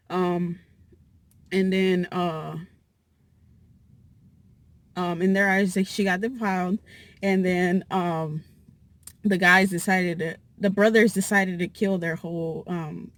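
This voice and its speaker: A woman vlogger telling a story in a casual, chatty, exasperated way, with lots of fillers, from inside a car. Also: on the low side.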